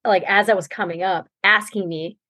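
A woman's voice: medium pitch, fairly even intonation, normal speed, bright, forceful tone, dry recording. A woman guest on a podcast, recounting a race in loose, rambling talk and laughing often. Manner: rambling storytelling, laughs often, many fillers. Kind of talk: casual interview chat.

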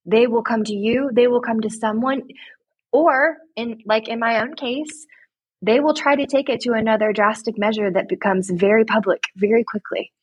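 A woman giving earnest, direct faith-based advice to parents, retelling a story with lively asides. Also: fairly high pitch, moderate pace, slightly rough, dry recording, highs cut off. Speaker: guest speaking to parents.

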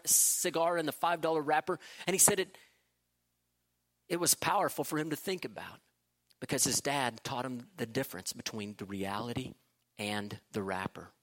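A man preaching, telling an illustration story in an unhurried way and posing questions to his listeners. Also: a little high, a bit bright.

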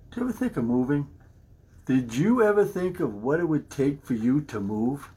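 A man's voice: mid-range voice, expressive, normal speed, very noisy. A middle-aged man hosting his podcast in a casual, rambling monologue, chatty and laughing often as he restarts his sentences. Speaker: podcast host.

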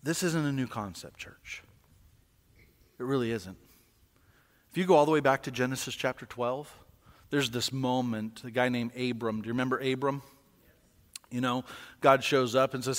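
A man preaching a sermon as pastor, conversational and asking the congregation questions, swinging from quiet to loud. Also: mid-range voice, normal speed, long reverb tail.

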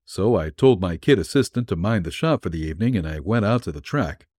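A man with a very low, husky voice narrates a vintage pulp story in a wry, hard-boiled first person. His delivery is lively and full of pitch movement, and the sound is close and dry. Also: a little fast, no echo.

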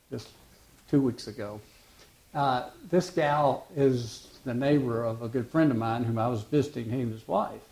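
Mellow-voiced male preacher telling stories. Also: mid-range voice, creaky. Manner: storytelling, acts out dialogue with halting restarts. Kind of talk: sermon.

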